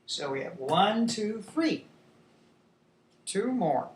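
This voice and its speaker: A woman teaching a beginners' English lesson to young children, slow and clear, with playful animal sounds. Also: medium pitch, big pitch swings, a little hiss or hum. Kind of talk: demo lesson for young learners. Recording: echoey room.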